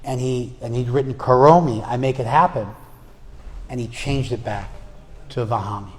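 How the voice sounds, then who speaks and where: A man's voice: mid-range voice, normal speed. A man teaching a spiritual class, telling a traditional story in a casual, conversational way with personal asides. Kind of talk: storytelling lecture. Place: class room in a hall. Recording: long hall reverb.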